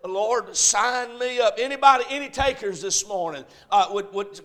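A man preaching a sermon in a church, swinging between hushed lines and shouted ones. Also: high voice, moderate pace. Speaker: pastor. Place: church sanctuary.

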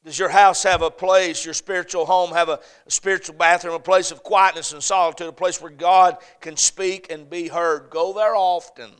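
A man preaching a sermon, swinging between loud emphatic peaks and soft, hushed lines, repeating phrases in a preaching cadence. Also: high voice, steady tone, moderate pace, few pauses, clean tone.

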